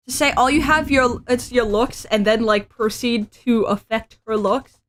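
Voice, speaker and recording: A woman's voice: a little high, measured pace. A woman streamer reading webtoons aloud, breaking off into joking, self-mocking comments.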